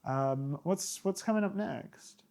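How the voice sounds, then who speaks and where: A man's voice: high-pitched, takes it slowly, creaky, darkish tone, a little hiss or hum. A man hosting a casual chat over old photos, enthusiastic and musing, often trailing off mid-thought. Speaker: host and tour guide.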